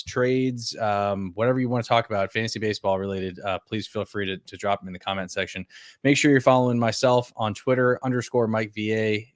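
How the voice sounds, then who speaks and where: A man's voice: on the low side, dry recording, clean studio sound. A man co-hosting a live fantasy baseball stream, upbeat and reading viewer comments aloud. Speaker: podcast co-host.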